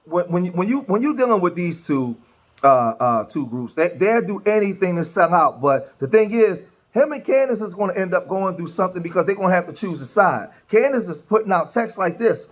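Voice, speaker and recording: A man's voice: high voice, lively intonation, fairly quick. A man hosting political commentary, talking loosely with many restarts and reading posts aloud. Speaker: commentary host.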